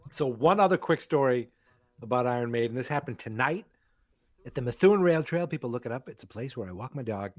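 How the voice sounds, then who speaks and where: A man's voice: mid-range voice, expressive, fairly quick, no room sound. A middle-aged man, co-hosting a podcast and telling funny stories in casual chat. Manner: joking storyteller, acts out quotes. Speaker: podcast co-host.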